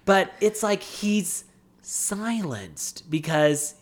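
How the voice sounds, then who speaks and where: A woman's voice: mid-range voice, animated, extremely slow. A woman co-hosting a casual recap chat, blunt, profane and wry as she retells scenes. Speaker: podcast co-host.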